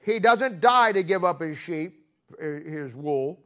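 Animated folksy male preacher. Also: fairly high pitch, takes it slowly. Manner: folksy, animated storytelling with sudden loud bursts. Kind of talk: sermon.

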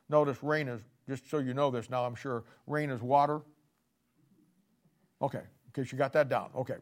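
A man's voice: medium pitch, steady tone, brisk. A man preaching a sermon, telling a story with a sarcastic, folksy humor and reading scripture aloud.

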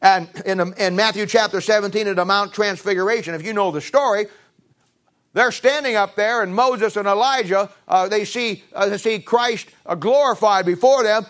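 A man preaching with a high voice. He drives points home with repetition, climbing to raised emphasis and then dropping low. His delivery is a steady sermon cadence. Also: normal speed. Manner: repeats phrases, restarts.

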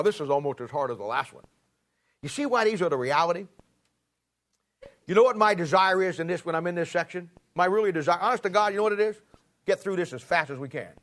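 A man preaching a sermon from the pulpit in a high, light voice. He tells his stories in a folksy, emphatic way and keeps throwing rhetorical questions at the congregation. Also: expressive, a little fast, long pauses, fairly bright tone. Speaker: pastor.

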